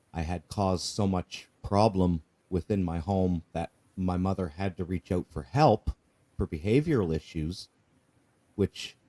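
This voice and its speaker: A man's voice: low-pitched, warm tone. A man telling his personal testimony in an earnest, candid way, often repeating himself and asking "right?". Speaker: guest sharing his life story.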